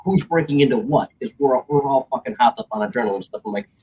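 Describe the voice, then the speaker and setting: A man's voice: mid-range voice, very animated, racing, a little mellow, breathy edge. A young man telling a story in casual chat, acting out other people's lines and swearing freely. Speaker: stream host telling a story. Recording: dull lo-fi stream audio.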